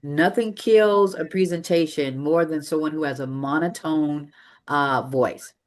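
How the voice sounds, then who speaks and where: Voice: mid-range voice, steady tone, measured pace. A public speaking coach giving a live training presentation to an audience in a meeting room, talking energetically and emphatically with shifting pace.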